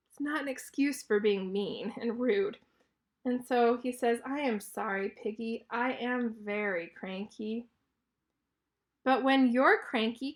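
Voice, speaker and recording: A woman teacher reading a picture book aloud to children, explaining clearly and encouragingly and asking questions. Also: high-pitched.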